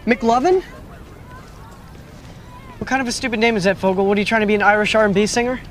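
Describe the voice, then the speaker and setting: Quick, high voices of teenage boys mocking a friend, played by actors in a film scene. They talk fast and crude. Faint urban noise sits behind them. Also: male voice, natural voice. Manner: fast, crude teasing banter.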